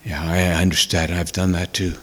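A man telling a personal testimony in a sermon, emotional and tearful, dropping to hushed whispers and rising to loud exclamations. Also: low voice, little pitch movement, a little fast, long reverb tail. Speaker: preacher.

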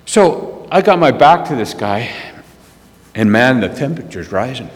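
Lively storytelling preacher man in hall. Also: medium pitch. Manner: animated storyteller who laughs at himself. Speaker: preacher sharing a testimony. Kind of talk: storytelling sermon. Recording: long reverb of a large hall.

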